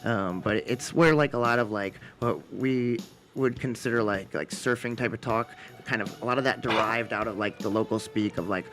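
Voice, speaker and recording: A man's voice: fairly low pitch, normal speed, noisy background. Laid-back rambling man guest. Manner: relaxed, rambling, with many "like" fillers. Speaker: podcast guest. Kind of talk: casual conversation.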